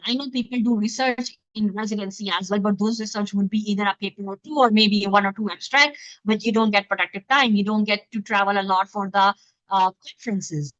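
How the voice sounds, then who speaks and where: A woman from Pakistan giving an online webinar talk as a physician-scientist, speaking quickly from her home through a computer mic set back from her. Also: medium pitch, a bit bright, dry recording. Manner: fast-talking, explanatory. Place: home, in the middle of moving. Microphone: computer mic, not close. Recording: dull lo-fi video call audio.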